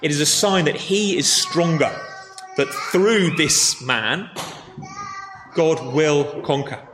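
A man preaching a sermon and leading a closing prayer, earnest and driving points home with emphatic repetition. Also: on the high side. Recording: echoey hall with faint noise.

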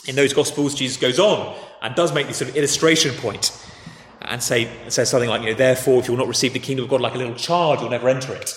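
A man is preaching in a church, telling the story with lively shifts and casual restarts. His voice sits at an ordinary pitch. The reverb of the hall lingers around every phrase. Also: fast talker. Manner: conversational, animated retelling with frequent restarts. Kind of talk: sermon. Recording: echoey church hall with faint noise.

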